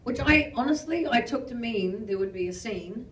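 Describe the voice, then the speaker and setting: A New Zealand woman with a New Zealand accent tells stories as a guest on a live panel, chatty, self-mocking, and swearing often. Her voice sits on the high side, animated and at normal speed. The recording is very noisy, with roomy hall sound from a distant mic.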